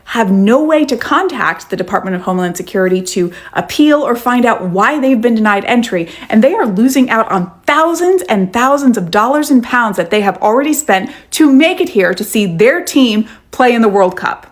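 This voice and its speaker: A woman's voice: fairly high pitch, lively intonation, normal speed, hardly any pauses. A woman from the United States giving direct, indignant news commentary to camera, explaining things step by step.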